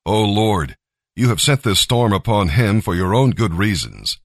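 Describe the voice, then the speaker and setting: A man's voice: lowish voice, very animated, measured pace, no echo, clean studio sound, heavily acted. A man voicing a crew of frightened, desperate sailors in a scripted scripture reading. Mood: pleading.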